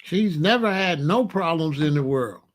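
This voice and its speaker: A male show host in his late sixties, with a slightly high, expressive voice, talks at normal speed. His casual storytelling monologue about family is streetwise and boastful, rich in slang.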